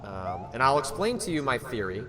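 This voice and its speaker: A man's voice: medium pitch, sing-song, brisk, over music. A man streaming a game, talking casually and nervously to his chat with many fillers and restarts. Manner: hesitant, rambling, nervous.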